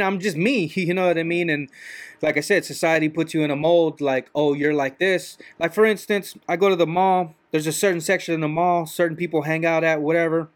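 A man, a truck driver, talking in a rambling, casual monologue, often repeating "you know what I mean". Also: on the high side.

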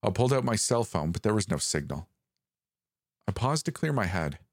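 A man narrating a first-person horror story in a calm, measured way. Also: on the low side, dry recording, clean studio sound.

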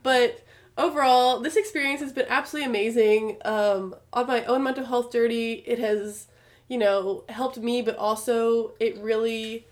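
A woman's voice: on the high side, fairly even intonation, moderate pace. A young woman co-hosting a podcast, chatting in a bubbly, gushing way with lots of fillers. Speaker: podcast co-host. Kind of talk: casual chat.

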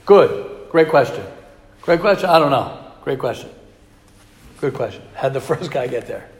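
A man's voice: mid-range voice, expressive, moderate pace. A man giving a Torah class to young students, emphatic and repeating key phrases, mixing in Hebrew and Yiddish terms. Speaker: Torah teacher. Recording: echoey hall.

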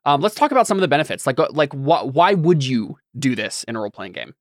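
A man's voice: on the high side, sing-song, fast, no echo, clean studio sound. A man hosting a casual podcast chat, easygoing and affirming, with frequent fillers. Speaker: podcast host.

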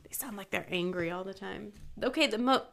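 A woman co-hosting a casual podcast chat, chatty, with quick asides and frequent laughs. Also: medium pitch, creaky. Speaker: podcast co-host.

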